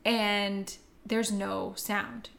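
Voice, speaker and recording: A woman's voice: mid-range voice, flat delivery, extremely slow, vocal fry, fairly bright tone. A woman co-hosting a casual film-review chat, chatty and laughing often, with frequent fillers. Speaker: podcast co-host.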